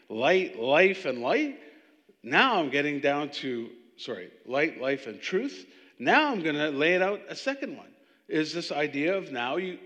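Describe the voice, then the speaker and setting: A man teaching from the Bible in a conversational, animated way, often restarting his sentences. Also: on the high side, in a large hall. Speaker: preacher.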